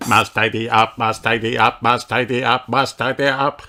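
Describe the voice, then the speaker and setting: A man playing a flat, obedient toy robot. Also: medium pitch, moderate pace, loud music behind the voice, voice pushed up, lightly acted. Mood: robotic. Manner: flat, repetitive, loud. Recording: noisy home recording.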